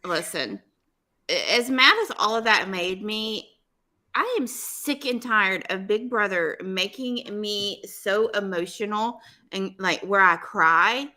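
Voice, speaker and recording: A woman's voice: medium pitch, expressive, slow, sharp tone. A woman co-hosting a casual podcast chat, emotional and fired up as she talks. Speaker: podcast co-host.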